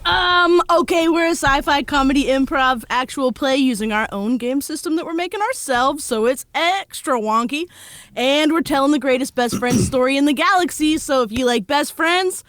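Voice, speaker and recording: A woman guest chatting casually, dropping quick, dry jokey asides. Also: high voice, a bit bright, no echo. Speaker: podcast guest. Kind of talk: casual chat.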